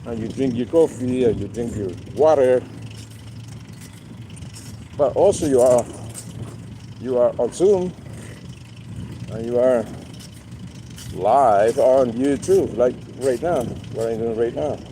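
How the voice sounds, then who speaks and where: Slow, rambling man with street noise. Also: mid-range voice, warm tone, low-quality recording. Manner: rambling, repeats words, many fillers. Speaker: livestream host. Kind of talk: casual live-stream monologue.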